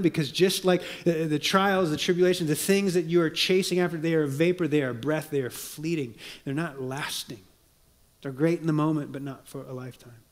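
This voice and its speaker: A man preaching a sermon, earnest and measured, dropping to soft low tones to press a point and reading quotations aloud. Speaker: pastor.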